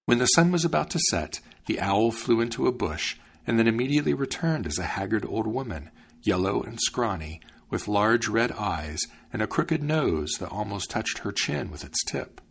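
A male storyteller reads a fairy tale aloud in a measured, expressive way. His voice sits fairly low, with a husky, breathy edge. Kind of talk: storybook narration.

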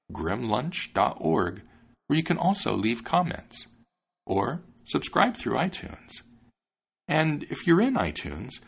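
A man hosting a podcast, narrating a fairy tale in an expressive reading voice. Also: mid-range voice, vocal fry, husky. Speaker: podcast host and reader. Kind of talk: storybook narration.

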